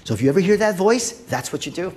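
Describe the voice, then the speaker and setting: A man preaching a sermon as a pastor, conversational and animated, often checking in with his listeners. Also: sits high, fast.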